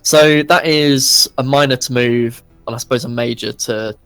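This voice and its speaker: A man playing a tabletop game, chatty with quick asides. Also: mid-range voice, steady tone, fairly bright tone, clear, resonant tone, dry recording, faint music behind. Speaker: player. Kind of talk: casual tabletop game play.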